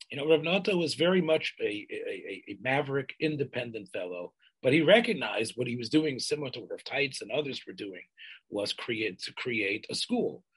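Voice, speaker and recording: An older man describes the history of a community for an oral history interview, frequently stopping and restarting while working in Yiddish and Hebrew words. His medium-pitched voice is a bit bright with a breathy edge, recorded in poor audio quality.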